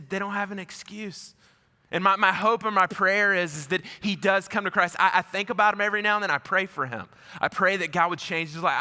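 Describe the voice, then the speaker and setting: A man preaching a sermon as pastor, telling a story in casual slang and swinging between loud bursts and hushed moments. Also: sits high. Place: large church auditorium. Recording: reverberant church hall.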